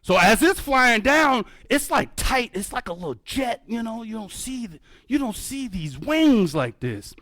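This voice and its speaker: A man giving a keynote talk as a birder and educator, telling a story with lively energy, calling the audience folks and acting out his own reactions. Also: very high-pitched, unhurried, hardly any pauses, no echo. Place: museum event hall.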